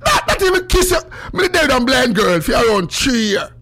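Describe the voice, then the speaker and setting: A man with a Jamaican accent hosting a call-in radio show, swinging between loud preachy shouting and low mumbled asides. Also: sing-song, moderate pace, creaky, husky. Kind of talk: animated call-in radio rant.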